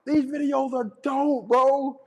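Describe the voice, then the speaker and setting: A man's voice: very high-pitched, level tone, slow pace, a little mellow, long reverb tail, voice pushed up, heavily acted. A man voicing an eager, enthusiastic male friend who pushes him to take a job. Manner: pushy, enthusiastic.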